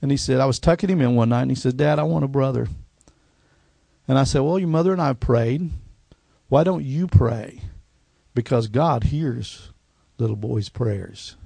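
A middle-aged man, a pastor telling his life story in a sermon, folksy and going quiet at the emotional parts. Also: medium pitch, lively intonation, moderate pace, vocal fry, breathy edge, no room sound. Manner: folksy storytelling, drops to a hushed voice at emotional points. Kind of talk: personal testimony sermon.

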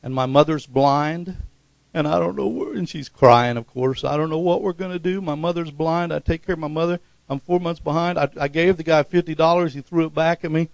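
A man preaching a sermon full of stories, climbing to loud excited peaks, acting out the voices in his tales and calling out for amens and hallelujahs. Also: fairly high pitch, a little fast, gravelly, dry recording. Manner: calls for "amen" and "hallelujah" response. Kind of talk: sermon with storytelling.

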